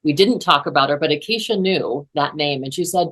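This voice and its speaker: A woman's voice: deep voice, brisk, few pauses, fairly bright tone, low-quality recording. A woman psychotherapist, a guest on an interview, telling a personal story earnestly with frequent restarts.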